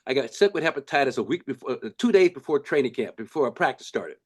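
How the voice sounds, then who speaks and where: An older man from Los Angeles, a former basketball player, telling stories in a casual, animated way with lots of restarts. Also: medium pitch, fast talker. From Los Angeles, USA. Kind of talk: casual storytelling.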